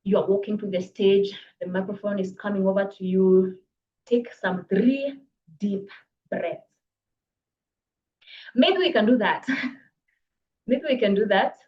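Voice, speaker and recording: A woman coaching public speaking in a live online workshop, brisk and encouraging, reading viewers' comments aloud. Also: medium pitch, dull audio. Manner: brisk, encouraging, reads chat comments aloud, laughs often. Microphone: video call.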